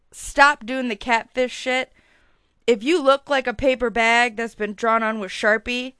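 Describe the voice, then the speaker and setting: A young woman in her twenties hosting a casual solo podcast, chatty and swearing freely, with her loudness swinging up and down as she talks. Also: medium pitch, clear, resonant tone, dry recording, studio quality. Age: 20s. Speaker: podcast host.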